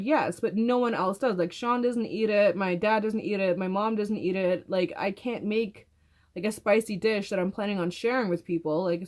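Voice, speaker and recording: A young woman, chatting casually and telling a long rambling story full of "like". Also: mid-range voice. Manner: rambling storyteller, heavy use of "like". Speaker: vlog co-host. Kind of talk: casual chat.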